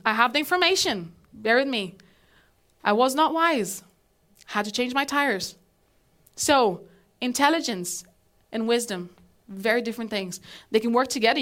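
Woman preaching, slightly high voice. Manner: conversational, animated preaching with questions to the congregation. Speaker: pastor. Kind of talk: sermon. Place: church hall, live congregation.

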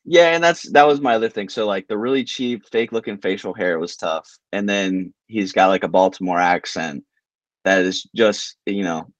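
A man with a somewhat low voice talks casually on a podcast, looping back on himself with restarts and fillers. He is recorded close and dry, with no room sound. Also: normal speed, no room sound. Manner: loose, rambling, many restarts and "like" fillers. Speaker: podcast co-host. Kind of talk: casual chat.

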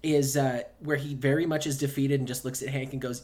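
A male podcast co-host in relaxed conversation. His voice sits at an ordinary middle pitch, and he speaks in a measured, unhurried way, padding his thoughts with ums and uhs. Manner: easygoing, measured, with frequent fillers. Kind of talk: casual chat.

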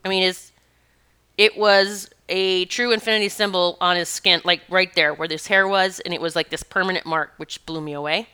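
A woman's voice: on the low side, fairly even intonation, moderate pace, sharp tone, smooth. A woman who works as an animal communicator and Reiki practitioner, telling a personal story casually, rambling and correcting herself as she goes. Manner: rambling, self-correcting, earnest.

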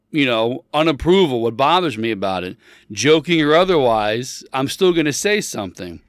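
Animated, rambling man telling a story. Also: mid-range voice, moderate pace, clean tone, no room sound, studio quality. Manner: rambling, self-correcting; animated, emphatic when riled up. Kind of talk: casual storytelling monologue.

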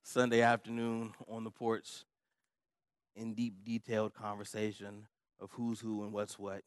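A middle-aged pastor preaches a sermon, telling a personal story in a humorous, conversational way and laughing often. His voice is lowish, monotone and a little slow, with no room sound.

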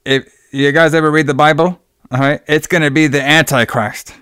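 A young man casually recapping a film plot in loose, profane talk, slipping into quick voices for the characters. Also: a little high, steady tone, a bit bright, clear, resonant tone, dry recording. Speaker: podcast co-host recapping a movie.

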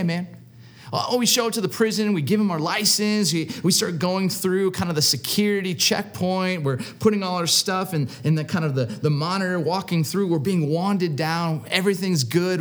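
A man preaching a sermon, telling stories earnestly and repeating words for emphasis. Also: sits high. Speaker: pastor.

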